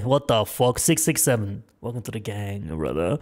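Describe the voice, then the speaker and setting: A man's voice: fairly low pitch, lively intonation, moderate pace, hardly any pauses, darkish tone. Joking, profane male streamer. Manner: loose, joking, profane banter. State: strained, tiring voice. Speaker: streamer reading donations. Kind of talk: casual live-stream chat.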